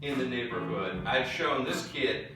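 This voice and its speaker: A man's voice: medium pitch, unhurried. A man from Florida telling a profane story casually and acting out the voices of the people in it. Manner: profane, animated, acts out quotes. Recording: echoey room, distant mic, faint noise.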